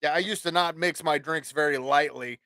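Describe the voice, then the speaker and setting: A man's voice: fairly high pitch, normal speed, pushed and bright, no room sound, clean studio sound. A man hosting his own podcast, rambling casually with plenty of swearing and jokes. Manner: profane, rambling, jokey. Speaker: podcast host.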